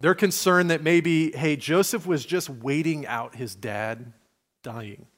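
A male pastor giving a sermon in a conversational, lively way, acting out the voices he quotes and restarting phrases as he goes. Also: a little high, takes it slowly.

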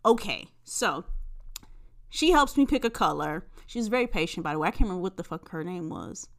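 A woman hosting a casual solo podcast, telling stories in a profane, animated way, jumping from loud outbursts to low muttering. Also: brisk. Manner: profane, animated storytelling with big swings between loud bursts and low mutters. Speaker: podcast host.

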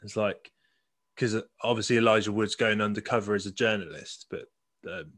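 A man's voice: lowish voice, moderate pace, fairly bright tone. A man co-hosting a casual film podcast, chatty and laughing often. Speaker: podcast co-host. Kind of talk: casual chat.

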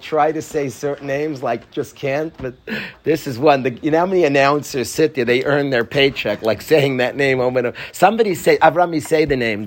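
A man teaching a Torah class to students, pleading and passionate, joking with them at times. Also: medium pitch.

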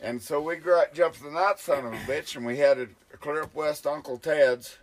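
A man's voice: fairly high pitch, normal speed, a little hiss or hum. An older man telling rambling, profane stories in a casual chat, laughing as he goes. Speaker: storyteller among hunters. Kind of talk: casual storytelling.

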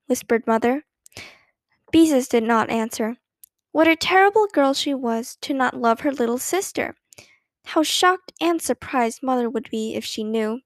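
Woman, narrator, children's book read aloud, gentle, expressive, high voice. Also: moderate pace, no echo.

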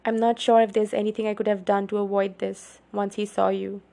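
A woman reading a story aloud, voicing a brooding young male vampire who is protective and grim, speaking low and even. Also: brisk, creaky, natural voice.

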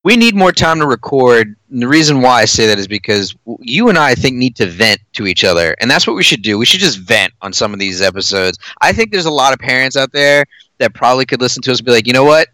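A man co-hosting a podcast, telling stories excitably and swearing freely in casual chat. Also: medium pitch, fast talker, no room sound. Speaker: podcast co-host.

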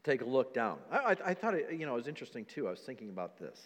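A man's voice: mid-range voice, very animated, racing, in a large hall. A man preaching a sermon, reading scripture aloud and acting out the doubting voices of people in the story. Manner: acts out voices of listeners in the story; reads scripture aloud in old-fashioned wording. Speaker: pastor. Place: church hall.

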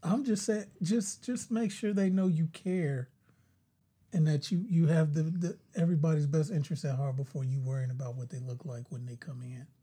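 Husky podcast co-host man. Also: on the high side, steady tone, normal speed, mellow. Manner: agreeable, frequent "yeah" backchannels. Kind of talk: casual chat.

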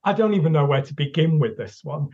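A podcast co-host rants and swears his way through an exasperated critique in a casual, critical chat. His man's voice sits on the high side, lively in intonation and quick, a little mellow with a breathy edge. The lo-fi recording sounds dull.

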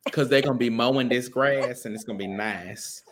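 A man's voice: mid-range voice, fairly quick, background noise. A man co-hosting a podcast in casual chat, talking bluntly and with lots of profanity. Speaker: podcast co-host.

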